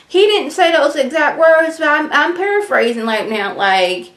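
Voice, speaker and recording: A woman's voice: sits high, lively intonation, moderate pace, few pauses, fairly bright tone. A woman, chatting casually as she recaps a reality show and acts out the cast's quotes in voices. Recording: echoey room.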